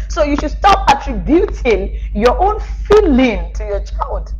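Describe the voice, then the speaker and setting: A woman's voice: a little high, sing-song, normal speed, hardly any pauses, a little mellow, poor audio. A woman giving a spoken parenting lesson as a coach, talking directly to parents in a scolding yet reassuring way and laughing often.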